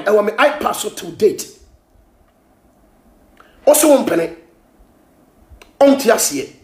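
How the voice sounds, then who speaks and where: Shouting often, a Ghanaian man delivers heated, scolding rants as host of a gossip show, alternating Twi with English. The voice is very high-pitched and the recording has a roomy sound.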